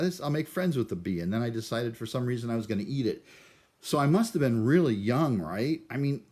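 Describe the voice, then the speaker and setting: A man's voice: medium pitch, darkish tone. A man from Cleveland rambling through a self-deprecating, neurotic vlog monologue. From Cleveland, USA. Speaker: vlogger.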